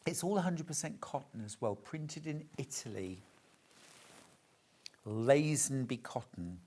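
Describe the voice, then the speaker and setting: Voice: mid-range voice, lively intonation, unhurried, dark tone, breathy edge. A shopping channel presenter, chatting and gushing over fabrics during a live TV sale.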